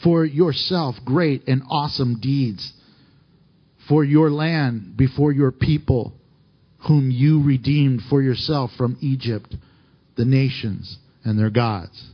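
A man preaching a sermon, reading scripture aloud and swinging between fervent highs and hushed, emotional lows. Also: slow pace, husky, dull audio. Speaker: pastor.

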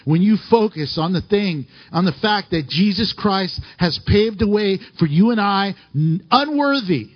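A man delivers a sermon in a high, husky voice, reading scripture aloud between stretches of heartfelt commentary. His preaching surges with fervor and then drops to near whispers. The recording sounds dull and lo-fi. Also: expressive, a little slow, few pauses. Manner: emotional, rising and falling preaching with scripture readings. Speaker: pastor.

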